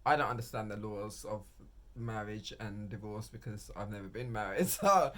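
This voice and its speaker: A man giving casual, rambling reaction commentary on reality TV from home, quick to laugh. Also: on the low side, a bit bright.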